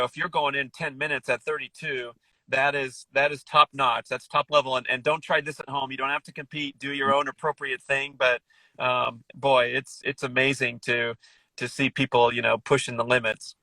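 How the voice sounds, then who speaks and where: A man's voice: medium pitch, level tone, moderate pace, bright, forceful tone, no echo, rough recording. A middle-aged man guesting on a podcast, talking enthusiastically in a rambling, casual way with frequent restarts. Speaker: podcast guest, wellness author.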